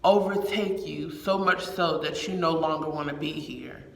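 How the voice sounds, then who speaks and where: A man's voice: on the high side, steady tone, normal speed, vocal fry, far from the mic. A man giving a candid, heartfelt faith reflection in casual talk, repeating phrases for emphasis. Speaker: speaker sharing a faith reflection. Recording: echoey room with long reverb.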